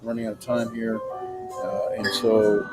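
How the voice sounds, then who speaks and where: Male teacher, classroom lecture, halting and filler-heavy, music bed behind. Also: fairly low pitch, flat delivery, low-quality recording. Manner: hesitant, many fillers and self-corrections. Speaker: Greek instructor.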